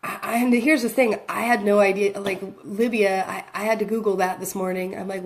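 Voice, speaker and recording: A woman's voice: mid-range voice, steady tone, moderate pace, few pauses. Rambling woman vlogger, self-mocking. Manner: rambling, self-deprecating, laughs often. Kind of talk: casual talk to camera. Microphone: phone camera.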